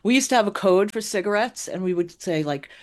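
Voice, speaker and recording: A woman's voice: mid-range voice, expressive, fairly quick, a little mellow. A middle-aged woman co-hosting a casual chat, rambling through memories with frequent laughs and trailing asides.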